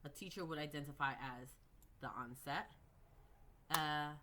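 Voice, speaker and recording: A woman teaching early reading skills, slowly modelling words and sounds with patient explanations. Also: sits low, background noise. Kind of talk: instructional lecture.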